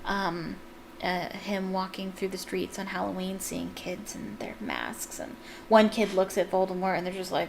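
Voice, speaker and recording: A young woman reads a novel aloud at home and breaks off for chatty, joking asides. Her voice sits at a middling pitch, and a faint hiss sits under it. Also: flat delivery, moderate pace, vocal fry, a little mellow. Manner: chatty, jokey, laughs at the text. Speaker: fan reading a book aloud. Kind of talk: casual read-aloud with commentary.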